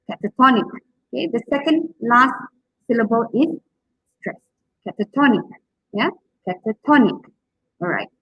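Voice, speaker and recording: Husky-voiced woman lecturing, dull dry audio. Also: a little high, dry recording. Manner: frequent checking "okay?" and "right?", models words aloud with exaggerated stress. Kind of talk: university lecture on public speaking.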